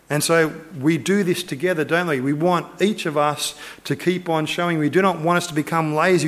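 A man preaching to his congregation, his voice pitched a little above the usual. He drives his points home with short, repeated urgings, sometimes soft and sometimes rising high. His delivery is earnest and emphatic throughout. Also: normal speed. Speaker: pastor. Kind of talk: sermon.

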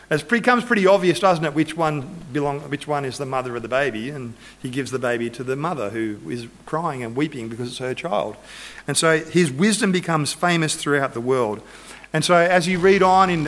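A middle-aged man preaching a relaxed, conversational sermon, telling stories and acting out the voices in them. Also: fairly high pitch. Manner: conversational storytelling, acts out quoted voices. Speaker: pastor.

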